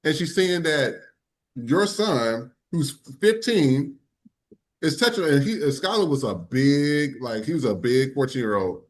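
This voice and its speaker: A man's voice: fairly high pitch, big pitch swings, unhurried. A man hosting a podcast, telling a personal story in a casual way and repeating words for emphasis. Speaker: podcast host.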